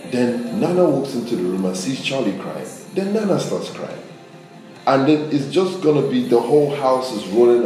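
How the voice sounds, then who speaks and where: A man's voice: fairly low pitch, far from the mic. A man preaching a conversational sermon as a pastor, acting out quotes and talking straight to his people. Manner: conversational, animated, acts out quotes. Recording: very echoey room with music behind. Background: music.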